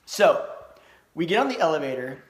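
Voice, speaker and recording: A man in his thirties, a podcast co-host, telling a funny personal story in casual chat, animated and laughing often. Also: fairly high pitch, moderate pace, echoey room.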